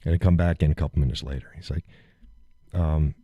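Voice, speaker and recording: A man's voice: rumbling low, steady tone, fairly quick, mellow, dry recording, studio quality. A middle-aged man hosting a live show, casually retelling a story, acting out quotes, swearing freely and laughing often.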